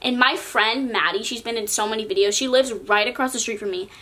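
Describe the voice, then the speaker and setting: A teenage girl from California tells a story to her vlog camera, casual and chatty. Her voice is bright and sits a little high, and she leans on "like" in nearly every sentence. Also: fairly quick. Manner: chatty, peppers speech with "like". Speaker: vlogger.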